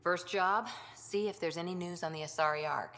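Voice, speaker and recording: An actress voicing a reserved female biotic commando in video game dialogue, speaking calmly and matter-of-factly. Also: lowish voice, normal speed. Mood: reflective. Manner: calm, matter-of-fact, guarded. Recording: game audio with long reverb.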